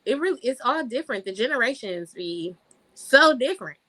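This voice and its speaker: A woman's voice: fairly high pitch, brisk, no echo, poor audio. A woman, a single mom, talking casually and animatedly, acting out quotes in a podcast chat. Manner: animated, acts out quotes in voices.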